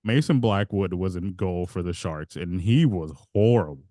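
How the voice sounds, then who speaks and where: A man's voice: low-pitched, normal speed, dark tone, no echo, clean studio sound. A man co-hosting a podcast in casual chat, telling a rambling story and laughing as he goes. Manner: rambling, self-interrupting storyteller who laughs mid-sentence. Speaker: podcast co-host.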